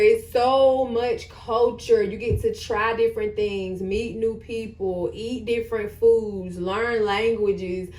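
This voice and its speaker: Emphatic woman in her thirties, echoey room. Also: mid-range voice. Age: 30s. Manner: emphatic, repeats points for stress. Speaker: vlogger. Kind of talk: casual advice chat while getting ready.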